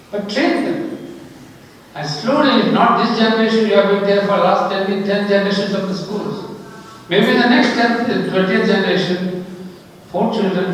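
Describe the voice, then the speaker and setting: A man with an Indian accent giving an earnest public talk, emphatic and slowing down on key words. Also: sits high, a little hiss or hum. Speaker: speaker in a discussion. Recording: echoey hall from far off.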